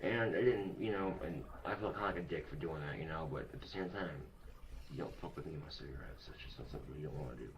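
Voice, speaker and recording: Deep-voiced young man telling a profane story. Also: fast, crowd noise, poor audio. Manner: profane, blunt, animated retelling. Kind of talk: casual storytelling to camera.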